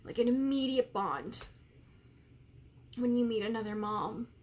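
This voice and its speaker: A woman's voice: a little high, lively intonation, a little slow. A woman in her thirties hosting a live coaching stream, tearful and candid, swearing freely as she reads viewers' comments. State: tearful, crying while talking.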